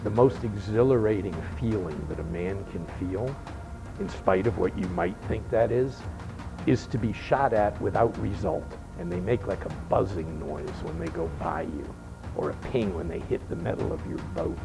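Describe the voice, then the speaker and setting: Gravelly older man telling war stories. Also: sits low, moderate pace, over music, low-quality recording. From Miami, Florida. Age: 70s. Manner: wry, anecdotal, acts out quoted dialogue. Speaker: interviewed veteran. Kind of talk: storytelling interview.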